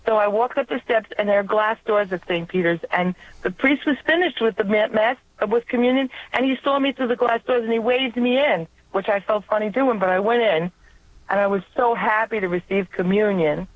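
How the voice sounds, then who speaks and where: A woman's voice: medium pitch, a little fast. A woman with a New York accent calling in to a radio show, earnestly telling a personal faith story. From New York area. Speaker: radio caller. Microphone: telephone. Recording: tinny phone line.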